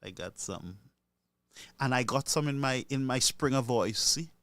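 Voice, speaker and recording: A cheerful man hosts a call-in show, greeting listeners and joking. His voice is bright, crisp and smooth. The sound is dry and close. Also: medium pitch, lively intonation, measured pace, no room sound. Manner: jovial, laughing, greets listeners by name. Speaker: radio call-in host and pastor. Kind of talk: casual call-in radio chat.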